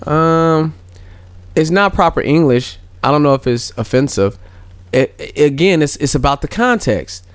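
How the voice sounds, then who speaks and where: A man's voice: a little high, animated, unhurried, no echo. A man co-hosting a casual podcast chat, laid-back and slangy, pushing back with questions. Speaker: podcast co-host.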